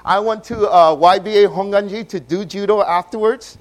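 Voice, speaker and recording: Man preaching through a personal story, slightly high voice, animated and dynamic. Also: moderate pace, low-quality recording. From Hawaii. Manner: animated, swings from loud bursts to hushed low passages.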